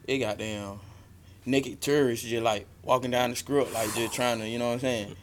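A man's voice: mid-range voice, fairly even intonation, normal speed. A man co-hosting a podcast, telling a long story in loose slang with lots of "you feel me". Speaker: podcast co-host. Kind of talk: casual podcast chat.

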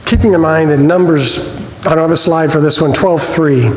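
A man teaching a church Bible study, conversational with small restarts, reading scripture with expressive emphasis. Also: fairly high pitch, moderate pace. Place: church hall. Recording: roomy hall reverb, faint noise.

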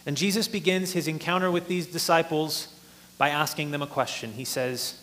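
A man's voice: a little high, moderate pace, fairly bright tone. A man preaching a sermon, explaining a passage earnestly and rising in force for emphasis.

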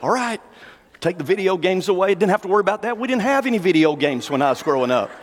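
A pastor preaching a sermon in a folksy, conversational way and slowing down to read scripture. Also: male voice, sits high, expressive. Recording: long hall reverb.

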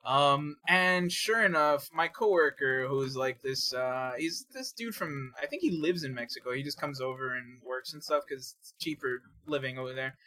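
A man's voice: mid-range voice, normal speed, hardly any pauses, sharp tone. A young man chatting casually on a podcast, telling a story from work in a rambling way with lots of fillers and restarts, laughing often. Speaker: podcast co-host.

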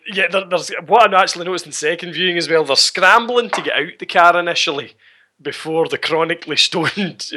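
A man's voice: a little high, pushed and bright. A middle-aged man, recapping a film in casual, sweary, rambling chat with chuckles. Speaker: podcast co-host.

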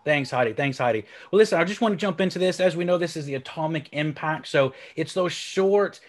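A man's voice: fairly high pitch, a little fast. A man hosting a podcast interview, asking long, rambling questions in a friendly way. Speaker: podcast host.

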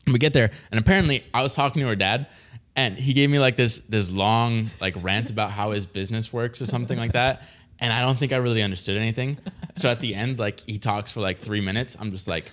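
A man's voice: mid-range voice, fast talker, a bit bright. A young man in casual chat, rambling through a story with lots of fillers and laughs.

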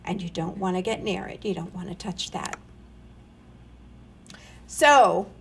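A woman with a high voice preaches at an unhurried pace. She speaks earnestly and presses her points with pointed, emphatic questions. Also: low-quality recording. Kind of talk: sermon.

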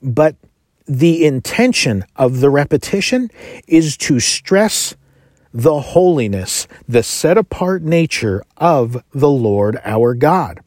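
A man teaching a Bible lesson, reading scripture aloud and explaining it in a measured, earnest way. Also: on the high side, animated, a little mellow, no echo, clean studio sound.

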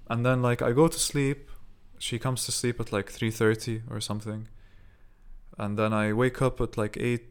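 A man's voice: mid-range voice, flat delivery, normal speed, smooth. A young man hosting his own podcast, telling a long personal story in a rambling, profane way, full of "like" and "you know". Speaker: podcast host. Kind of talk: casual monologue.

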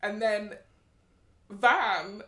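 A woman's voice: medium pitch, steady tone, drawn-out words, fairly bright tone, roomy sound. A woman co-hosting a podcast in casual chat, retelling scenes and quoting characters in passing. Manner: chatty, retells scenes with quoted voices. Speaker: podcast co-host.

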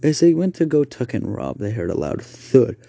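A man telling an improvised horror story in a halting way, with slips and restarts. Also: mid-range voice, big pitch swings, gravelly, dark tone, slightly rough, no room sound.

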